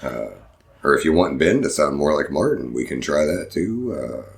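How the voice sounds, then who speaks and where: A man's voice: rumbling low, expressive, normal speed, gravelly. A man co-hosting a podcast in casual chat, joking in a dry, sarcastic way. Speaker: podcast co-host.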